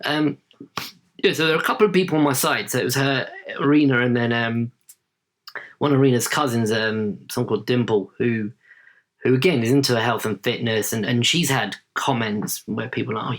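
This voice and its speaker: A man's voice: mid-range voice, steady tone, fairly quick. Chatty man in his late thirties. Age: late 30s. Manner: chatty, tags sentences with "right?". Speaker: podcast guest. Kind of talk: casual interview storytelling.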